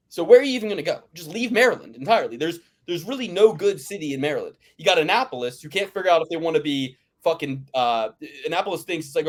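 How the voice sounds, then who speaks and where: A man from the Philadelphia area rambles through a casual sports chat. He rants hard, swears freely and restarts his sentences often. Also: fairly high pitch. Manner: ranting, profane, rambling with restarts. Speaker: podcast host.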